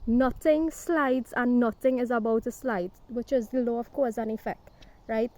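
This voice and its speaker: A woman giving a forceful, preachy monologue to camera, swearing and ending nearly every sentence with a questioning "right?". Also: a little high, fairly even intonation, moderate pace. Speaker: spiritual self-help speaker.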